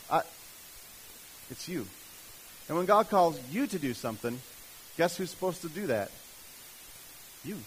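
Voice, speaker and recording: A man's voice: a little high, slight background noise, low-quality recording. Conversational preacher, emphatic man. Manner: conversational, emphatic, direct to listeners. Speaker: pastor. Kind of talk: sermon.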